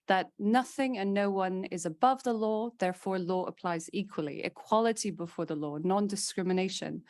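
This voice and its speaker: A woman with a lowish, darkish voice lectures as a legal scholar to a small room audience at a seminar, animated and emphatic, piling points into lists and tossing in playful asides.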